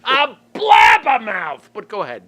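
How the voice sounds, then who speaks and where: A man doing a comic impression of a blustery, loud-mouthed middle-aged bus driver, bellowing in exasperated outbursts. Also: high-pitched, wildly swooping pitch, measured pace, exaggerated voice. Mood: blustering.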